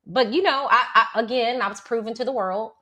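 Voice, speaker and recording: Animated higher-voiced woman co-host. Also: fairly quick. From single mother of several children. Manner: animated storyteller, acts out quotes. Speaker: podcast co-host. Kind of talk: casual chat.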